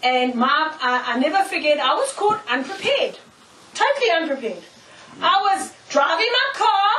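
A woman preacher giving a sermon, telling stories in an animated way, often laughing and checking in with "okay?". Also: very high-pitched, slight background noise. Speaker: preacher, prophetess. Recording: echoey room, mic far off.

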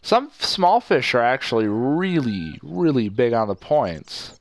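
A man's voice: mid-range voice, big pitch swings, measured pace, hardly any pauses, slight background noise. A young man doing casual gameplay commentary, playful and goofy, talking to the fish on screen. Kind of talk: casual let's play commentary.

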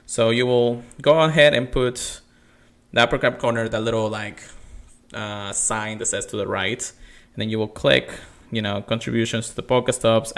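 Bright-voiced chatty male podcaster. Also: medium pitch. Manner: chatty, rambling, many fillers and restarts; reads text aloud in a flat, careful way. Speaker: podcast co-host. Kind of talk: casual podcast chat.

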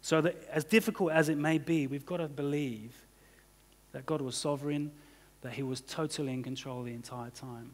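A man's voice: on the high side, steady tone, moderate pace. A man preaching a sermon as pastor, talking in a loose conversational way full of "you know" and "kind of". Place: church hall. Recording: church hall reverb.

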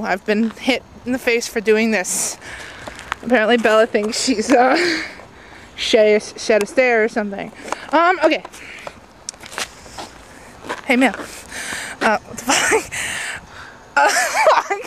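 Bossy, giggly woman clowning at a street bus stop, slow and high, with traffic behind. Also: big pitch swings, a bit bright. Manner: giggly, bossy, swears a lot. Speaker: vlogger clowning for a camera. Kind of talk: casual goofing around. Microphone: handheld camcorder filmed by a friend. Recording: noisy street with passing cars.

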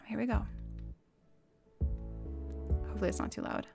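A woman's voice: a little high, animated, normal speed, long pauses, faint music behind. A woman streamer chatting casually over her game, giggling often and greeting viewers by name. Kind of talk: live game stream chat.

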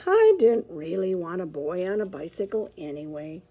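A woman voicing a small, eager, polite male puppy in a storybook reading, with a squeaky, pleading voice. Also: sing-song, normal speed, warm tone, slightly rough, exaggerated voice.

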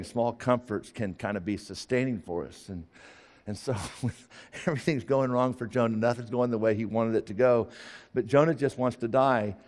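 A man preaching a sermon, animated, sometimes putting on high whiny voices for characters. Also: big-room sound. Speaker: pastor.

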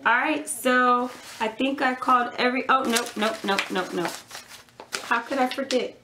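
A young woman chatting casually as she opens mail from viewers, gushing and rattling off quick asides. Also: on the high side, background noise. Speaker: couponing vlogger. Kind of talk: casual mail-opening chat.

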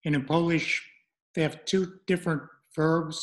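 Man, middle-aged, online language lesson, halting with fillers, slow, fairly high pitch. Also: fairly even intonation. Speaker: language program presenter.

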